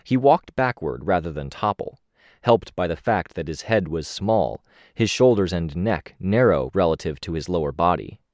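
A man reading a first-person story aloud as an audiobook narrator, steady and measured, with lifts on the action beats. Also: low voice, no echo.

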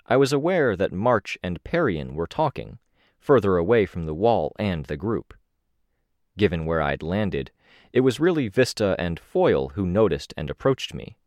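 Deep-voiced male audiobook narrator. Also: a little mellow, no room sound, clean studio sound. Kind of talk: first-person audiobook narration.

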